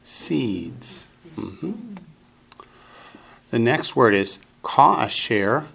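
A man's voice: mid-range voice, sing-song, very slow, gravelly, a bit bright. A man teaching Biblical Hebrew in a classroom, patiently drilling students with call-and-response.

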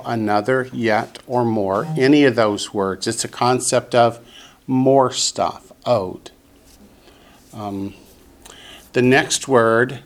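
A man leads a classroom language lesson at an unhurried, measured pace. He says each new word with care, then explains its meaning in plain terms. His voice sits at an ordinary pitch. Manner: slow, deliberate, pronounces each word for the class to repeat. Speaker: Hebrew teacher. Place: classroom with students.

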